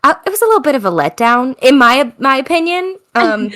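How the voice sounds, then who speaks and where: A woman's voice: high voice, very animated, brisk, a bit bright. An American woman hosting a podcast in casual chat, tired, chatty and self-mocking, laughing often. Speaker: podcast host.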